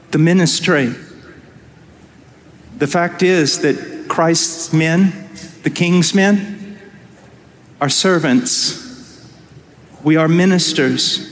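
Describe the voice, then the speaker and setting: A man's voice: on the high side, slight background noise. Impassioned male preacher in a hall. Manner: impassioned, swinging from hushed slow lines to loud cries. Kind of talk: conference sermon. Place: conference hall. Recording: large hall with long reverb and faint ambience.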